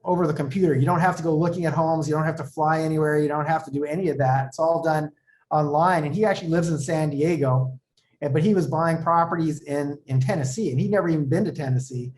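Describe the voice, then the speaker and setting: A man with a somewhat high voice speaks as a real estate coach on an interview show. He explains things conversationally and acts out bits of dialogue as he tells stories. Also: quick pace, darkish tone.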